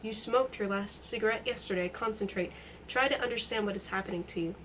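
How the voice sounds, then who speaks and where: A woman reading a novel aloud, giving a cold, vengeful man's lines in a measured, commanding way close to her own voice. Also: mid-range voice, a bit bright, distant mic, slight background noise, lightly acted, low-quality recording. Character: cold, vengeful man confronting a rival.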